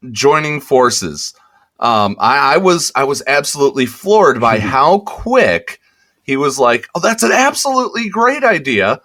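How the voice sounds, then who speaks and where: A man hosting a podcast, making a rambling, halting announcement in casual chat. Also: mid-range voice, pushed and bright. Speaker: podcast host.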